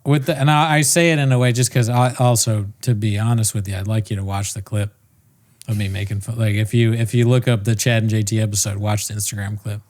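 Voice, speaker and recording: A man's voice: on the low side, fairly even intonation, brisk, a little mellow. A young man co-hosting a casual podcast, making laid-back, joking asides. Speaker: podcast co-host.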